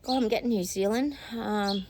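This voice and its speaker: Gravelly-voiced Australian woman rambling casually. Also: medium pitch, background noise. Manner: chatty, meandering, laughs often, stretches words slowly. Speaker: psychic giving predictions. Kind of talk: casual rambling monologue to viewers.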